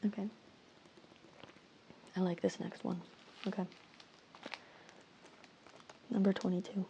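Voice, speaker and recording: A woman ASMR creator in a playful, teasing whispered role-play, mixing soft whispers with mock-stern asides. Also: mid-range voice, flat delivery, slow, vocal fry, slight background noise, rough recording.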